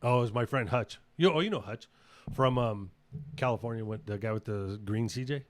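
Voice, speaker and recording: A man's voice: medium pitch, fairly quick, no echo. A man co-hosting an off-road podcast in casual, blunt chat, swearing easily and telling stories. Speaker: podcast co-host.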